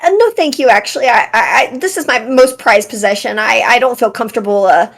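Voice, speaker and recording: A woman's voice: fairly high pitch, brisk, gravelly. A woman voicing a timid tree woman who stammers nervously and hesitates.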